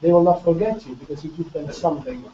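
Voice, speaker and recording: A man talking in a casual panel chat. He speaks haltingly and often repeats words as he finds them. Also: a little high, lively intonation, mellow. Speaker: panel guest. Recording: echoey, distant, muffled with faint noise.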